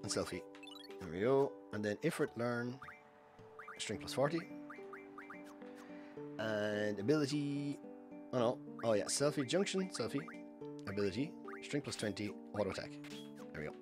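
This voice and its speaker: A man's voice: medium pitch, expressive, normal speed, pauses often, music in the background. A man streaming a speedrun, chatting casually and explaining each step to viewers as he plays. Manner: chats with viewers between instructions. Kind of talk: live gameplay commentary.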